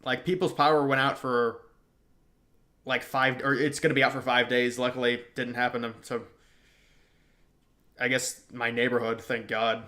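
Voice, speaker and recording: A young man talks casually at a mid pitch, reacting to comments as they come in. He uses slang and often trails off mid-thought, like a streamer chatting on his own. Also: flat delivery, normal speed, pauses often, pushed and bright. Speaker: livestream host. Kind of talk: casual political livestream chat.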